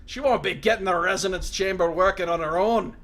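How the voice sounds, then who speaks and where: Gruff growling cyborg scavenger, pitched up and loud, as a male streamer voices him for a game. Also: a little fast.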